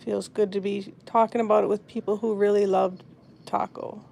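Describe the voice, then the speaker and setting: A woman hosting a live stream from her phone, talking softly and sadly to viewers in the chat. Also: mid-range voice, level tone, normal speed, gravelly, a little hiss or hum. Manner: soft, grieving, answering chat comments. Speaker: pet channel host.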